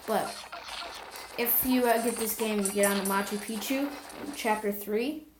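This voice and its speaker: A woman talking casually over her own mobile gameplay, chatty and self-mocking, with bursts of excited cheering. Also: medium pitch, moderate pace, noisy background. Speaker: mobile game video host. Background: game music.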